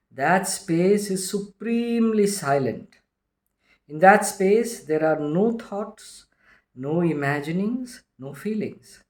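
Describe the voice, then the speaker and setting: Man reading spiritual teaching slowly. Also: sits high. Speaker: reader of a spiritual text. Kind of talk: scripted narration of a spiritual discourse.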